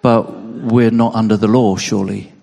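A man's voice: fairly low pitch, fairly even intonation, normal speed, creaky, warm tone, in a large hall. A man preaching a sermon in an earnest way, emotional, often repeating words as he stresses a point.

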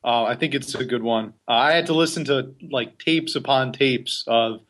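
A man co-hosting a casual podcast at a middling pitch. He keeps his banter jokey and deadpan, tossing out quips in an easy, conversational way. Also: normal speed. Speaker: podcast co-host.

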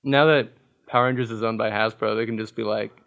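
A man's voice: lowish voice, fairly even intonation, quick pace, gravelly, fairly bright tone. A man appearing as a podcast guest, speaking in a wry, articulate way. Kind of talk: casual chat.

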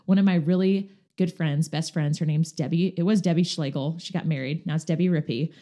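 A woman chatting in a relaxed, conversational way, her voice sitting a little low and sounding mellow and warm. She tells stories with animation, slipping into the voices of the people she quotes. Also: a little fast. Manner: animated, acts out quoted dialogue. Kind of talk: casual conversational storytelling.

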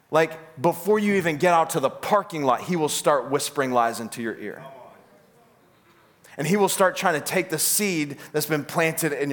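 In a fairly high-pitched voice, a male pastor delivers an animated sermon, performing the voices of those he quotes.

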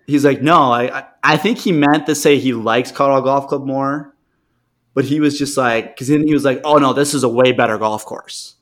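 A man's voice: medium pitch, fairly even intonation, moderate pace, a bit bright. A man co-hosting a casual talk show, telling rambling stories and acting out the people in them. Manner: rambling storyteller, acts out quoted people. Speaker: podcast co-host. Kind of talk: casual chat.

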